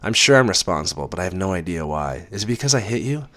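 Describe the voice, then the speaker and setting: Man plays brooding controlling lover, deep, quiet, stern. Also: lively intonation, quick pace, no room sound. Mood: grave. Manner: low and quiet, admonishing.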